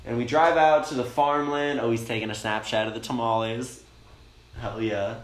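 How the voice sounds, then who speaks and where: A man's voice: mid-range voice, steady tone, normal speed. Rambling, stoned young man telling stories. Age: young adult. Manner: rambling, profane, laid-back storyteller. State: high on cannabis. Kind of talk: casual storytelling chat. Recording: roomy with faint noise.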